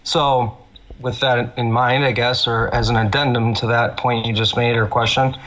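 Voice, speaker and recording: A man's voice: mid-range voice, flat delivery, normal speed, fairly bright tone, lo-fi sound. A man guesting on a sports podcast, talking through fight analysis in a rambling, hesitant way with many fillers.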